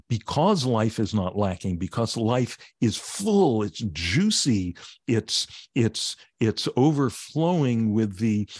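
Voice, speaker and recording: Brief: male guest, meditation teacher, lowish voice, plain-spoken and gently wry, dry close podcast sound. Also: dry recording. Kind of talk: conversational podcast interview.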